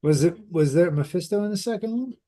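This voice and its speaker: A man's voice: high voice, expressive, quick pace, mellow. A man co-hosting a casual podcast, mostly giving short replies and groping for a name. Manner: brief agreeing replies, searching for words. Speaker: podcast co-host. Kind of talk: casual chat.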